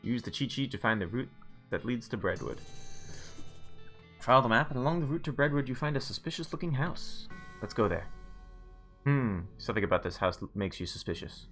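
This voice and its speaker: A man's voice: medium pitch, lively intonation, fairly quick, soft background music. A man streaming a video game, reading its narration aloud with relish and making playful comments. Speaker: let's play streamer.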